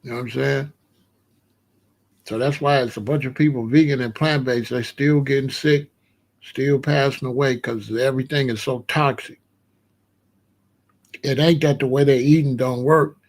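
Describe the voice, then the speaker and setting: A man in a casual monologue, talking in a slangy, emphatic way and reacting with animated disbelief. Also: medium pitch, normal speed, pauses often. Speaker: vlogger.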